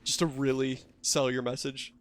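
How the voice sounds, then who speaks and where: A man's voice: medium pitch, flat delivery, normal speed. A man casually chatting with his viewers while playing a game, joking and self-deprecating. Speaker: game streamer. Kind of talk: casual live-stream chat.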